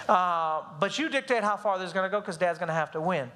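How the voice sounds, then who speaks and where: A man teaching a parenting class at a church, telling lively stories about raising his kids and acting out their voices. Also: high voice, brisk, hardly any pauses. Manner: animated storytelling, acts out voices of his kids. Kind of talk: live church class talk.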